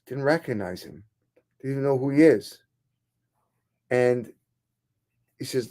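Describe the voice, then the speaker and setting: A man who is a rabbi, telling a story in a sermon in an animated, dramatic way. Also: mid-range voice, unhurried, pauses often.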